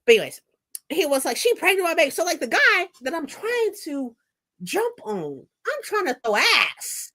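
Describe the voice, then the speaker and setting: A young woman in her twenties telling a story in a casual vlog, animated and profane, laughing often. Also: very high-pitched, measured pace. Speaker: vlogger.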